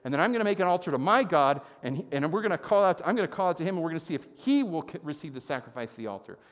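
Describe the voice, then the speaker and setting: A man voicing a prophet who mocks and taunts his rivals in a raised, lively voice. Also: fairly high pitch, racing, pitched above the performer's own voice. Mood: challenging. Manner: mocking, taunting. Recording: long hall reverb.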